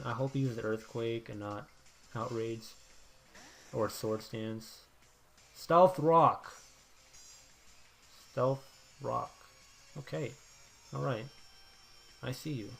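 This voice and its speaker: Young male game commentator, mid-pitched, excitable, jumps from mutters to outbursts. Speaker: gameplay commentator. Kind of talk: live gameplay commentary.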